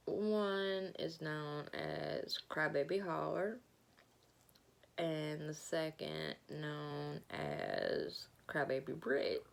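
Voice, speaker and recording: A woman with a Southern Alabama accent, telling a story in a rambling, halting way as she eats and talks with her mouth full. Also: low-pitched, creaky. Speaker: vlogger. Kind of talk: casual storytelling while eating.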